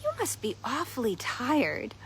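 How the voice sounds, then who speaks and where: A woman voicing a calm male monk in a spoken story, gentle and knowing. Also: on the high side, unhurried, a little hiss or hum, heavily acted, low-quality recording.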